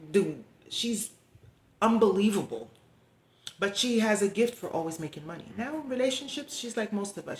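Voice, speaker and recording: A middle-aged woman speaks to her camera in a confiding, meandering way, opening up about her feelings. Her voice sits at an ordinary pitch and rings around a reverberant room. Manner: rambling, heartfelt, confiding. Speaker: vlogger. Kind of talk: candid personal vlog talk.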